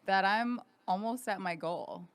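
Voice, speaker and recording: A woman's voice: medium pitch, a little slow, clear, resonant tone. A young woman hosting a casual podcast chat in a studio, rambling with lots of fillers. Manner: chatty, rambling with many fillers. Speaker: podcast host.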